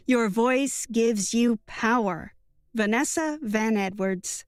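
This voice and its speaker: A woman reading a book summary as scripted narration, in an even, measured way. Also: a little high, dry recording. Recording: dry studio voice-over with soft music.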